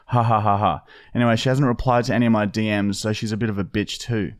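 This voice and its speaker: Deadpan, crude man reading mock news. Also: lowish voice, fast talker, dry recording, studio quality. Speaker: podcast co-host. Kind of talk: joking banter, reading mock news items.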